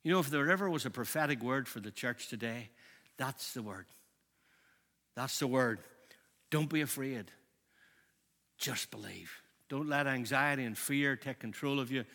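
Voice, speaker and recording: A man, preaching a sermon as a pastor, impassioned and shifting between loud and hushed. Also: medium pitch, normal speed. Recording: long hall reverb.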